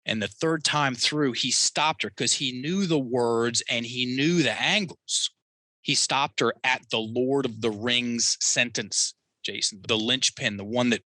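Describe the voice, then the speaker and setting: A man with a very bright, forceful voice tells a personal story as a podcast guest. He is animated and acts out the voices of the people in his story, recorded dry and close. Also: mid-range voice, no room sound. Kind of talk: storytelling in a conversational interview.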